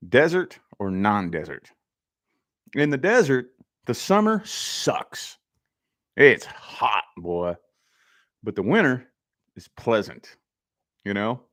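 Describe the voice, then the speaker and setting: A man hosting a casual live stream from his home office, rambling in a laid-back way and talking straight to his viewers. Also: lowish voice.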